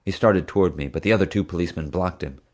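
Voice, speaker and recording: A man reading an audiobook in steady, even first-person narration. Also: low-pitched, quick pace.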